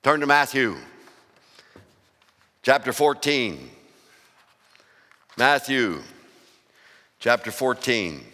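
A man's voice: medium pitch, very animated, drawn-out words, long pauses, sharp tone. A male pastor preaching a sermon, asking the congregation questions and building emphasis. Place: church sanctuary. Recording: long church reverb.

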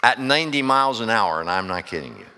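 A man's voice: on the low side, sing-song, fast talker, sharp tone, clean tone. A male pastor from preaching a sermon, telling stories and calling out questions to his congregation. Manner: storytelling, rising to fervent preaching with questions to the congregation. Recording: echoey church hall.

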